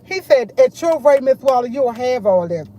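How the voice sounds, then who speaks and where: A middle-aged woman chatting casually to camera, full of animated retellings of what others said. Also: high-pitched, normal speed, slight background noise. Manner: animated, quotes others a lot. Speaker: vlogger.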